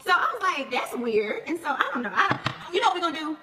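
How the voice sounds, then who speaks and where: A woman's voice: high-pitched, sing-song, rapid-fire, few pauses, bright, forceful tone, in a large hall, a little hiss or hum, low-quality recording. A woman chatting to viewers, telling stories and acting out both sides of each conversation. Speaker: reality TV cast member talking to viewers. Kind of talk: casual storytelling chat.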